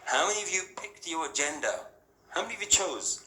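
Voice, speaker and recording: In an echoey hall with faint ambience and a little hiss or hum, a spiritual speaker with a slightly high, animated voice talks briskly to a live audience. His tone is bright and forceful, and he stays casual and rhetorical, asking questions and saying "yeah?" and "right?" frequently.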